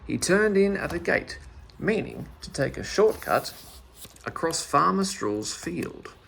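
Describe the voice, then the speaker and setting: Lively man reading a children's story. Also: fairly high pitch, slow pace, vocal fry, slight background noise. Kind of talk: children's story read aloud.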